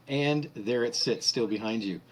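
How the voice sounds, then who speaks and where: A man hosting a casual interview, speaking quietly in short remarks. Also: mid-range voice, low-quality recording. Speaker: host.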